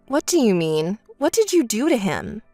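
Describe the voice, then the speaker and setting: A woman voicing a calm, level-headed young woman who answers her sister flatly and sarcastically, in a texting-story voice-over. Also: medium pitch, moderate pace, no echo, faint music behind. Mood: dry. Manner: flat, dry, sarcastic.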